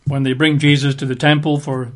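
A man's voice: medium pitch, little pitch movement, a little fast, faint music behind. A man giving an informal Bible teaching, chatty and wry, spelling out names letter by letter. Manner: conversational, wry asides, spells out words letter by letter.

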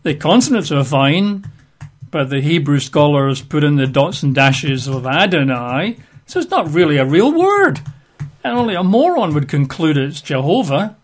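A man's voice: a little high, big pitch swings, normal speed. A man giving an opinionated, plain-spoken talk with wry asides. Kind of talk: casual talk to camera.

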